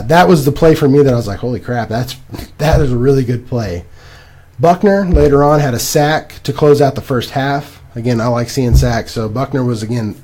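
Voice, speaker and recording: A young man co-hosting a casual podcast, rambling and animated as he recaps games. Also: medium pitch. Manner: animated, rambling, laughs at himself. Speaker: podcast co-host. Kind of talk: casual fantasy football chat.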